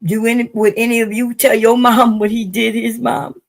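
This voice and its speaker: A woman's voice: a little high, level tone, moderate pace, vocal fry, low-quality recording. A woman panelist arguing in casual debate, pressing the others with questions.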